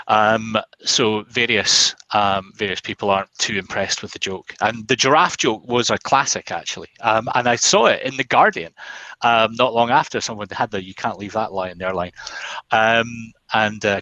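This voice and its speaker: A man's voice: mid-range voice, bright, forceful tone, no room sound, rough recording. Chatty British man hosting a webinar. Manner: chatty, rambling, many ums and restarts. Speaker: webinar host. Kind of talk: casual webinar wrap-up with a told joke.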